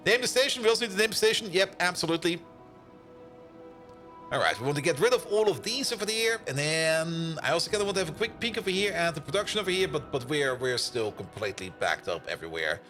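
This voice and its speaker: A man streaming a video game and chatting casually with his viewers, animated, laughing often and swearing freely. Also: fairly high pitch, fast talker, faint music behind. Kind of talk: casual live-stream chat while playing.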